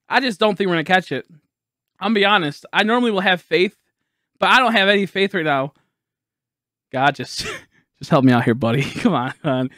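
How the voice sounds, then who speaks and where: A young man streaming a video game live, loud and exasperated, laughing and swearing as he talks to his chat. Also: high voice, a little fast, long pauses, no echo, studio quality.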